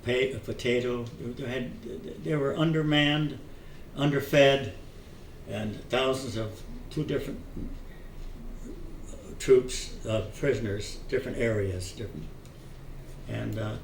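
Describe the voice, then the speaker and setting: An older man telling his memories in an oral history interview, halting with many fillers and restarts, chuckling now and then. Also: medium pitch. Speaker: veteran interviewee. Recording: echoey room, distant mic, faint noise.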